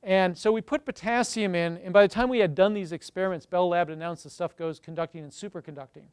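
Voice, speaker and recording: A middle-aged man lectures on chemistry with real enthusiasm, talking straight to the room and slipping into stories. His voice sits high for a man and comes through smooth and resonant. The sound is close and dry, with little echo. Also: quick pace. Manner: enthusiastic, storytelling, addresses the audience directly. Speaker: chemistry professor giving a seminar. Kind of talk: university lecture.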